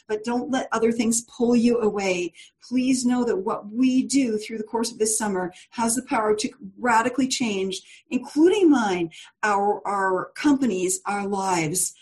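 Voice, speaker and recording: A woman's voice: a little high, darkish tone. Chatty encouraging woman leading an online course. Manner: chatty, encouraging, laughs often, many fillers. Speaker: course leader. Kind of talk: live online course call.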